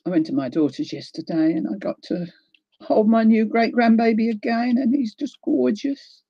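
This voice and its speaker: A woman's voice: a little high, moderate pace, slightly rough, no room sound, highs cut off. An older woman from New Zealand with a New Zealand accent, hosting a craft livestream in casual chat, greeting viewers by name and laughing often.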